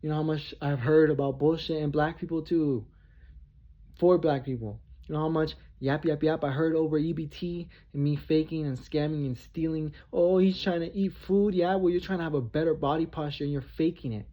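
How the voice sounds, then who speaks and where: A man's voice: fairly high pitch, fairly even intonation, brisk. A man delivering a heated, profane, confrontational monologue rant straight to his viewers, repeating himself for emphasis. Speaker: vlogger. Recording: dull lo-fi recording.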